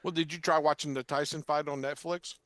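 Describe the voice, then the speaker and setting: A man's voice: on the high side, fairly even intonation, fairly quick, fairly bright tone, clear, resonant tone, dry recording. Older man, podcast co-host, crude joker, casual chat, dry close sound. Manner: crude joker, chuckles at his own gags.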